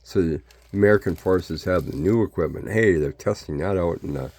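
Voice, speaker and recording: A man's voice: sits low, moderate pace, a little mellow. An older man from Canada talking in a blunt, folksy, rambling monologue that jumps between topics.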